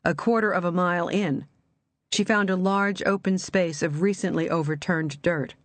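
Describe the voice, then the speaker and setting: A woman narrating an audiobook in a measured, even reading. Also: fairly low pitch, no echo.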